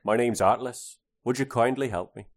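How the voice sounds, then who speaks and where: A man's voice: medium pitch, moderate pace, lightly acted. A man putting on a lilting Irish radio schemer. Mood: pleading. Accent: Irish, put on. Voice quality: lilting leprechaun-style brogue.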